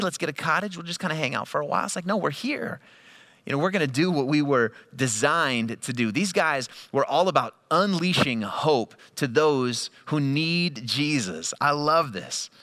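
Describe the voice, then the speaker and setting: Animated bright-voiced man preaching. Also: medium pitch. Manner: animated storytelling, voice rising with excitement; conversational, with quoted asides and fillers. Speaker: pastor. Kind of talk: sermon.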